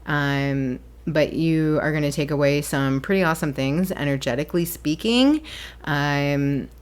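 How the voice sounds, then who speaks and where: Woman, low voice, solo podcast host, rambling and chatty, laughs easily. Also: unhurried, clear, resonant tone. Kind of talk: casual solo podcast monologue.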